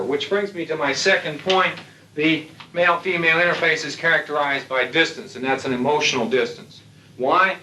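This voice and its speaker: A man's voice: a little high, brisk, sharp tone, a little hiss or hum. A man giving a lecture to military aviators in a blunt, folksy way with salty humor. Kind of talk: lecture to an audience. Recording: echoey hall, distant mic.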